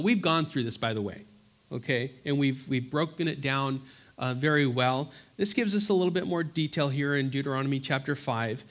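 A man teaching a Bible study, reading scripture aloud slowly and earnestly between plain explanations, often restarting his words. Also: medium pitch, animated. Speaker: pastor.

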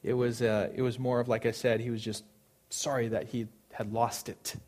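A man's voice: medium pitch, level tone, moderate pace, darkish tone. A man preaching a sermon, earnest and emphatic, repeating phrases for stress.

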